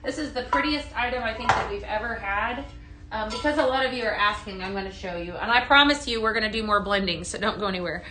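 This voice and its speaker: A woman's voice: mid-range voice, quick pace, background noise. A woman hosting a live home-fragrance sales stream, chatty and full of ums and okays, greeting viewers by name while demonstrating products.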